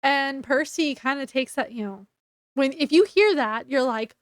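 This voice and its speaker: A woman's voice: high voice, unhurried, no echo. A woman book reviewer casually recapping a story, chattily retelling scenes in quoted dialogue.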